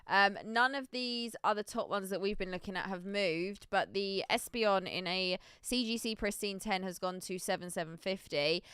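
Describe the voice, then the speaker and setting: A woman's voice: medium pitch, fairly bright tone, clean tone, no room sound. A woman hosting a casual livestream, laughing often and reading out auction prices. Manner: giggly, playful, reads out prices. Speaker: host.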